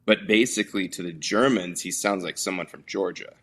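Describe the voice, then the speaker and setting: A man's voice: low voice, brisk, fairly bright tone, slight background noise. A man hosting a casual movie review podcast, telling stories in a rambling way with lots of fillers. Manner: rambling, filler-heavy storytelling. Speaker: podcast host.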